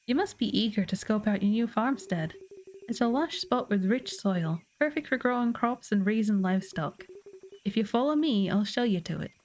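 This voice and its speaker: A woman's voice: mid-range voice, expressive, moderate pace, darkish tone, slight background noise, natural voice. A woman reading aloud the lines of a welcoming male mayor of a small frontier town in a game, in her own plain voice. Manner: plain reading without an accent.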